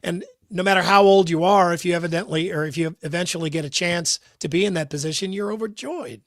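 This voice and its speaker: A man's voice: high-pitched, fast, no echo, studio quality. A man co-hosting a sports talk radio show, earnest and thinking aloud, often repeating words as he works out a point. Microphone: studio microphone.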